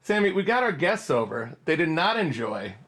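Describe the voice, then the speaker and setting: Upbeat, chatty man with a fairly high-pitched voice, co-hosting a casual podcast. He keeps the banter rolling and steers the conversation along, sounding relaxed and friendly. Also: moderate pace, slightly rough. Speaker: podcast co-host.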